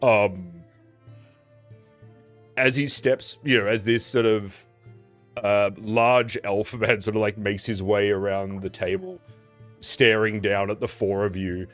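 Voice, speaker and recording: A man's voice: fairly low pitch, fairly even intonation, takes it slowly, long pauses, fairly bright tone, soft background music. A man running a tabletop game as game master, narrating loosely with many fillers.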